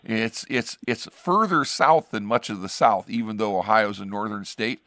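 A man's voice: fairly low pitch, normal speed, pushed and bright, no echo. An older man from Ohio, a pastor hosting a casual chat, telling rambling stories with frequent restarts and chuckles. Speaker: pastor and show host.

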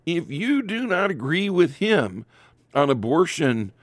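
A man's voice: fairly high pitch, big pitch swings, measured pace, dry recording. A man hosting an opinionated commentary monologue, sarcastic and full of fillers and restarts. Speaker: commentary show host.

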